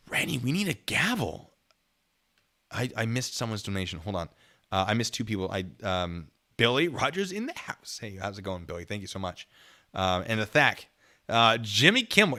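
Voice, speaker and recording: A man on the low side of the pitch range, with a sharp tone, reacts to videos during a casual livestream. He reads donations, talks with viewers, and breaks into laughter often.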